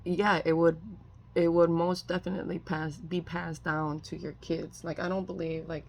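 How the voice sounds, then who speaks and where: A woman's voice: lowish voice, little pitch movement, moderate pace, creaky, darkish tone. A woman giving a casual tarot reading, rambling with many fillers and restarts and often apologizing. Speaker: tarot reader.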